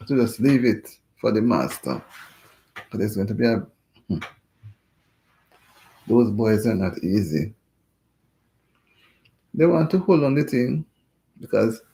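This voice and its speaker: A man talks to his livestream viewers from home in a loose, rambling way. He circles back over the same points, indignant, repeating phrases. His voice sits at an ordinary pitch with a warm, mellow tone. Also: gravelly. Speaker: host of a livestream chat. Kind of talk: casual livestream talk.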